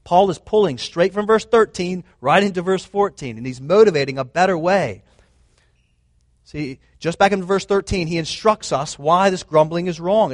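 A man's voice: high voice, dry recording. A man preaching a sermon in an earnest, emphatic way, often restating his points. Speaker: pastor.

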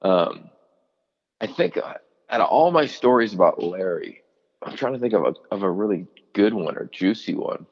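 A college football analyst in his forties, once a player and coach, tells stories in a podcast interview, animated and full of fillers and restarts as he acts out quotes. His lowish voice is slightly rough and moves at a moderate pace, sounding dull as if in a large hall.

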